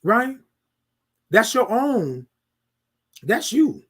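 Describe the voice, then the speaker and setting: High-voiced man in lively casual monologue. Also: very slow, breathy edge. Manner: animated, preachy, asks listeners "y'all feel me". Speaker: podcast host.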